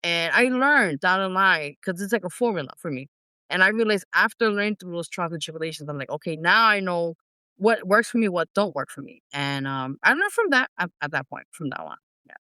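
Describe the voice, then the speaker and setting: Bright, crisp-voiced woman telling stories. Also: fairly low pitch, brisk, no echo. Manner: animated storyteller, acts out her own past reactions. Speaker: independent singer, interview guest. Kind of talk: casual interview storytelling.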